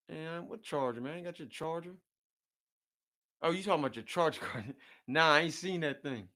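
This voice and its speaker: A man chats casually in loose slang, with a voice of ordinary pitch. He repeats his words and jumps from one topic to another. He often chuckles between his sentences. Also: pushed and bright. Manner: often chuckles while talking. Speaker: streamer chatting with viewers. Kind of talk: casual chat.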